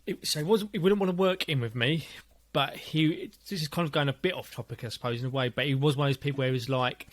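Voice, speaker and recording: A man's voice: mid-range voice, fast talker, dry recording. A man, a personal trainer guest on a podcast, telling gym stories with plenty of swearing and laughter. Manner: swearing, animated storytelling with frequent laughs. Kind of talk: casual chat.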